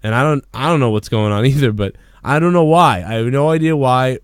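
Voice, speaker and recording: A man tells a long story on his podcast, swearing often and getting more and more excited as he goes. His voice is smooth and clear, recorded close and dry with no room echo. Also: medium pitch, fairly quick. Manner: profane, rambling, excitable storyteller. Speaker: podcast host. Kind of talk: casual storytelling.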